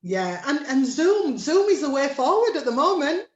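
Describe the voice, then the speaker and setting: A woman's voice: high voice, sing-song, moderate pace, roomy sound, dull audio, slight background noise. A woman hosting an online chat over a video call, chatty and emotional with lots of fillers. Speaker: host of an online chat show.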